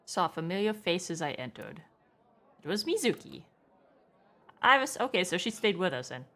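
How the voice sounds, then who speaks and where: A woman's voice: on the low side, sing-song, moderate pace, fairly bright tone. A woman streaming a game, chatting casually, swearing and joking about the story. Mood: musing. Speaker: VTuber streamer. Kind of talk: casual let's-play commentary.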